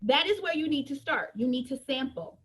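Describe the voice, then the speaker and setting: A woman's voice: high-pitched, lively intonation, fairly quick. A woman giving an emphatic, joking business training talk, repeating her points and preaching to her team.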